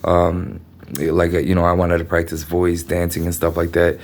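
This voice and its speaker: A man's voice: deep voice, monotone, moderate pace. A man from the United States talking through a meandering personal monologue, swearing often and leaning on fillers. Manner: meandering, profane, many fillers.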